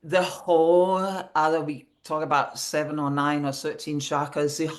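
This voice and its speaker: A middle-aged woman with a Danish accent speaks earnestly in an interview, her phrasing spiritual and slightly non-native. She answers at length, steady and sincere. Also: low voice, normal speed. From Denmark. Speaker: founder of a voice method, guest.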